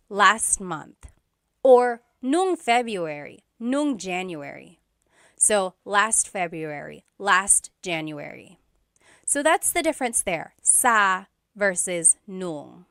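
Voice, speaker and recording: A woman teaches an online language lesson, taking her time and repeating each phrase slowly so learners can follow. Her voice is bright and clear, recorded close and dry, and she laughs lightly now and then between explanations. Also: mid-range voice, dry recording.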